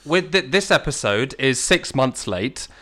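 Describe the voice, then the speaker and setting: A man co-hosting a podcast, with dry, deadpan humour in casual banter. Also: medium pitch, unhurried. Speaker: podcast co-host.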